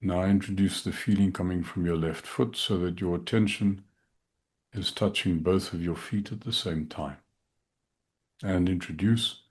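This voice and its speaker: A middle-aged man, a shaikh, speaking slowly and softly as he leads a guided meditation and dhikr. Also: sits low, slightly rough. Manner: slow, soft-spoken, calm guiding voice.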